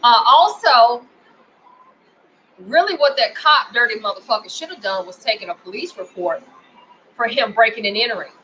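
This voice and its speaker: A woman's voice: a little high, expressive, normal speed, long pauses, pushed and bright, a little hiss or hum, poor audio. Heated, profane Memphis woman ranting. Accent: Memphis, Tennessee. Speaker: vlogger. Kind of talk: angry personal rant to camera.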